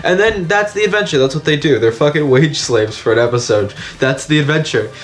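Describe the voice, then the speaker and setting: A man's voice: on the high side, lively intonation, brisk. Swearing man reviewing a cartoon. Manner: frank, swearing, chatty. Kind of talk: casual video review commentary.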